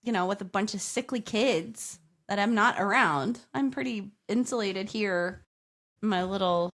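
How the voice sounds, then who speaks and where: A woman's voice: mid-range voice, normal speed, a bit bright. A woman co-hosting a podcast with a nasal voice, chatting casually and playfully. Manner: playful, laughs along. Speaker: podcast co-host. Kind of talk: casual chat.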